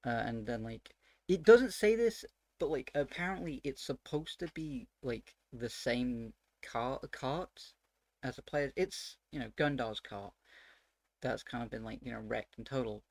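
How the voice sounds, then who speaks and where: A man recounting a tabletop game session as its dungeon master, rambling with many fillers and growing excited and exasperated as he goes. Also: mid-range voice, unhurried, vocal fry, no echo.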